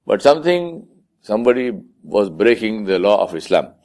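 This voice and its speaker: A man's voice: fairly low pitch, sing-song, normal speed, a little mellow. A man giving an Islamic lecture in a conversational way, now and then acting out the voices of the people he quotes. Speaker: Islamic speaker. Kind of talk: sermon lecture.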